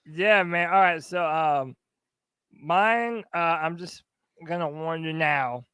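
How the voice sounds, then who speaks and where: A man's voice: fairly high pitch, slow pace, a bit bright, smooth, dry recording, studio quality. A man co-hosting a sports podcast, chatty and laughing in casual talk. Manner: chatty, laughing, lots of fillers. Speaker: podcast co-host.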